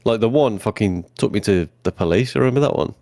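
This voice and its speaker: A man's voice: fairly low pitch, expressive, quick pace, dark tone, no room sound, clean studio sound. A man, a podcast co-host telling a story in blunt, casual chat with plenty of swearing.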